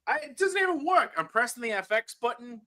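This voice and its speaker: A man's voice: extremely high pitch, big pitch swings, fairly quick, sharp tone, no room sound. A man hosting a casual podcast stream, joking around while fiddling with his mic and sound mixer. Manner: joking, fiddling with audio gear. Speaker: podcast host. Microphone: desk mic through a sound mixer.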